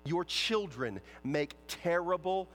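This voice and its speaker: A man with a high voice preaches a sermon, retelling scripture with playful asides and acted-out quotes. His voice carries a long reverb from the hall around him. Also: slow pace. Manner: storytelling preacher, animated and playful, acts out quotes. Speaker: pastor.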